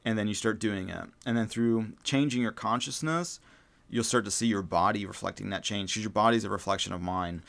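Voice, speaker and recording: A man's voice: lowish voice, brisk, creaky, fairly bright tone. A man hosting a spiritual self-help podcast, talking casually and rambling, with many fillers and restarts and the odd swear word. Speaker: podcast host.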